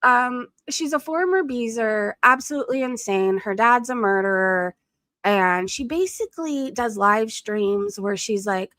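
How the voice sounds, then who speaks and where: A woman's voice: a little high, a little slow, a bit bright, no echo, studio quality. A young adult woman streamer giving casual gossip commentary, blunt and profane, laughing often. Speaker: live streamer.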